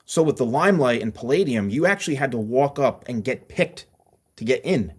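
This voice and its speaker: Animated middle-aged storytelling man. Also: medium pitch, brisk, breathy edge. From New Jersey. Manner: animated storyteller who acts out voices in his anecdotes. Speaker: podcast host. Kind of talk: casual storytelling chat.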